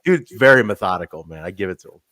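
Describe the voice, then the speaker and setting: Young guy hosting a podcast, low voice, dry close sound, swears a lot and gets loud when he laughs. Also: racing, dry recording. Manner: animated, swearing, laughing storyteller. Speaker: podcast host. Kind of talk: casual chat.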